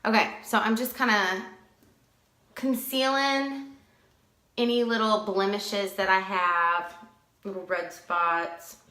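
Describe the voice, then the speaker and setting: Bright-voiced chatty woman, roomy sound. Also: medium pitch, little pitch movement, a little slow. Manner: chatty, greets viewers by name. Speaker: makeup seller doing a live tutorial. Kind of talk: casual live-stream makeup tutorial. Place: at home, with dogs nearby.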